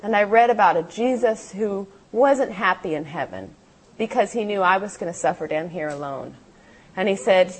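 A woman with a soft, breathy voice gives a heartfelt testimony in a meeting hall. Her pitch sits in the middle of the range. She tells her story earnestly and briefly acts out the voices she remembers. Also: expressive, moderate pace. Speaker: motivational speaker. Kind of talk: testimony talk to a live audience. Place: meeting hall with seated audience.

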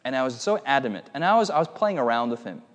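A man preaching a lively sermon, telling a playful story and calling on the audience for amens. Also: mid-range voice, quick pace, big-room sound. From United States.

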